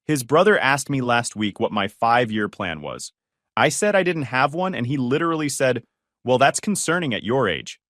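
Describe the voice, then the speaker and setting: A man's voice: mid-range voice, sing-song, normal speed, a bit bright, dry recording, clean studio sound. A man voicing a tired, frustrated nineteen-year-old daughter in his own narrating voice. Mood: weary.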